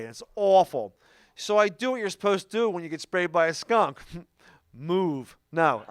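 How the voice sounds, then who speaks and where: A man with a fairly high, smooth voice tells jokes in a stand-up set, recorded dry and close. He delivers punchy stories, with frequent "okay?" asides to the crowd. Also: a bit bright, no echo. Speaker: stand-up comedian. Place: comedy show before a live audience.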